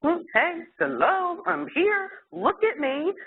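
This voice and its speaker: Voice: animated, takes it slowly, gravelly, no echo, exaggerated voice. Speaker putting on a fussy cooing baby. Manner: high cooing baby talk. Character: fussy infant bidding for its mother. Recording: tinny phone-like sound, faint hiss.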